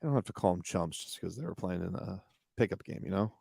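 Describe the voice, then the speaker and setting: A man's voice: low-pitched, expressive, fast talker, creaky, mellow, breathy edge, no echo. A man co-hosting a sports radio show, chatting casually in a dry, teasing way. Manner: dry, teasing, slips into mock voices. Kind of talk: casual sports talk banter.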